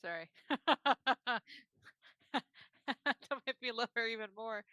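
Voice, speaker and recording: Woman co-streamer, bright, bouncy pitch, giggly, teasing, faint music behind. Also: expressive, clean tone, no echo, clean studio sound. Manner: giggly, teasing, quick jokes. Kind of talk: casual co-op stream chat.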